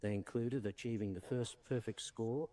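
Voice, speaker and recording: A man reading a documentary narration in a measured, formal way. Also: medium pitch, dark tone.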